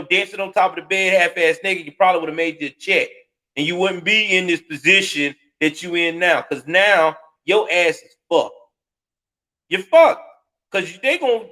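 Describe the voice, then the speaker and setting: High-voiced man ranting with scorn. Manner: profane, ranting, scornful, with sudden loud outbursts. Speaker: commentary show host. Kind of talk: heated live reaction commentary.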